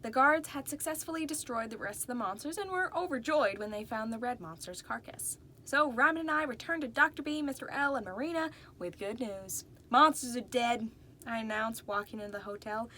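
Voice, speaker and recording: A woman's voice: fairly high pitch, lively intonation, brisk, hardly any pauses, bright, forceful tone, a little hiss or hum. A woman narrating a first-person storybook in a folksy, drawling way. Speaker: audiobook narrator.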